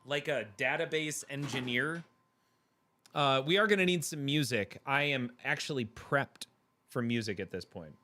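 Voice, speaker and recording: A man's voice: mid-range voice, lively intonation, normal speed, sharp tone. A man hosting a livestream, chatting casually with viewers and laughing often in a playful way. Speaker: livestream host reading chat. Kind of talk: casual chat.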